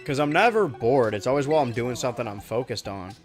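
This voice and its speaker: A man of ordinary pitch chats through a live gameplay stream, rambling and goofy, tossing out jokey asides as he plays. He talks from a room at home, with faint music playing under his voice. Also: expressive, fast. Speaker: game streamer. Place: home room with a low ceiling and bright ceiling lights.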